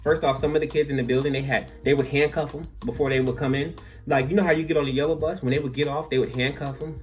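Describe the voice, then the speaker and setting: Animated young man telling a story. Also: mid-range voice, fast, soft background music. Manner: animated, filler-heavy, lots of "like". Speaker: vlogger. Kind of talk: comic storytime narration.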